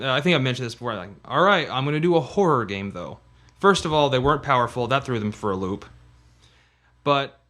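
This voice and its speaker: A man's voice: mid-range voice, fairly bright tone. A man co-hosting a podcast in casual chat, rambling with restarts. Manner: rambling, with many restarts and fillers. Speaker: podcast co-host.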